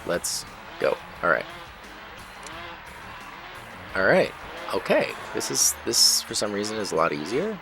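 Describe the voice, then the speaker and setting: Man, very low voice, lively pitch, casual gameplay commentary, rambling, game music and engine noise behind. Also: moderate pace, creaky. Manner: rambling, self-interrupting, reacts loudly to crashes. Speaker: gaming channel host. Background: game music and engine sounds.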